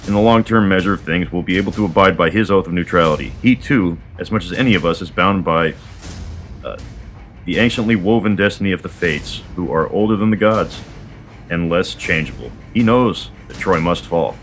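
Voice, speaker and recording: A man reading the part of Athena, a patient, wise goddess, in a soothing, measured way. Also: deep voice, fairly bright tone, soft background music.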